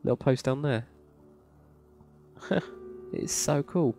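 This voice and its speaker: This Minecraft server plot reviewer speaks slowly in a warm, mid-range voice touched with vocal fry. He tours a game build with casual, enthusiastic, meandering commentary, praising freely, while faint background music plays.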